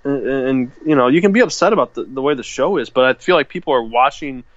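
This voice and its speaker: Expressive and quick, this podcast co-host has a medium-pitched voice and wanders through casual conversation with many fillers and restarts. The recording is dry, with the high frequencies cut off.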